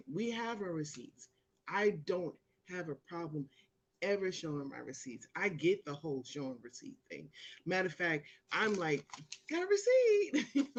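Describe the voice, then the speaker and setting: A woman hosting her own live show, chatting casually to viewers and telling a story, acting out the people in it with big jumps in voice. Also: husky. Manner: animated storyteller, acts out quotes with big pitch jumps.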